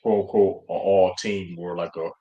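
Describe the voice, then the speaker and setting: Man, low voice, slangy, halting, casual sports chat. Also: fairly even intonation, dark tone, dull audio.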